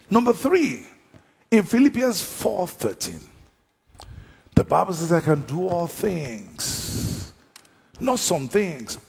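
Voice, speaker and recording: A man preaching a sermon at a church service. His delivery swings between shouted calls and low, drawn-out phrases. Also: creaky, breathy edge. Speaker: pastor. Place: church service with a seated congregation. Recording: long echo of a large hall.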